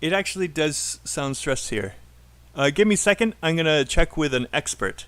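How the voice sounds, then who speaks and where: A man's voice: on the high side, lively intonation, normal speed, a bit bright, clear, resonant tone. A man with a British accent teaching a live online IELTS class, patiently drilling sentences aloud and encouraging students.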